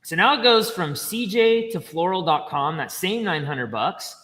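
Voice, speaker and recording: A man explaining banking step by step in casual livestream chat, chatty and quick to laugh. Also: high-pitched, expressive, a bit bright, in a large hall. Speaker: finance educator guest.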